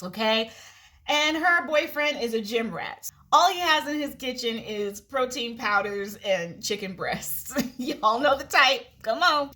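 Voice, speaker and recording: Woman, astrology teacher, playful storyteller, bright voice, laughs often. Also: high voice. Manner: animated, joking, laughs often.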